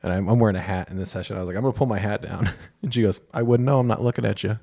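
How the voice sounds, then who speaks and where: A man's voice: fairly low pitch, steady tone, rapid-fire, vocal fry, mellow. A man co-hosting a podcast, casually telling a candid, self-deprecating story and acting out the lines of others. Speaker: podcast co-host.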